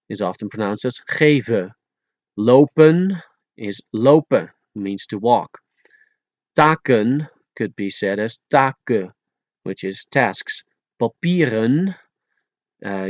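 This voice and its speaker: A man reading a pronunciation lesson at a measured pace, pausing between example words and sometimes correcting himself. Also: on the low side, no echo. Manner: occasional stumbles and self-corrections. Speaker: language teacher. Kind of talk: read-aloud pronunciation lesson.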